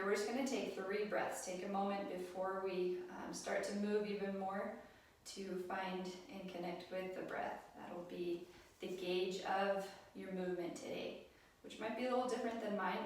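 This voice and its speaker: A woman leading a yoga class, speaking gently and encouragingly with frequent ums. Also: mid-range voice, slight background noise. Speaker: yoga instructor. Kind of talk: guided yoga class instruction. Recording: roomy echo, mic set at a distance.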